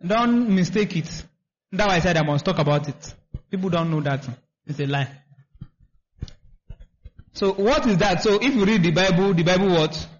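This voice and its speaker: A man's voice: sits high, lively intonation, normal speed, pauses often. A man preaching a sermon, repeating himself and asking the congregation to finish his lines. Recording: dull lo-fi recording.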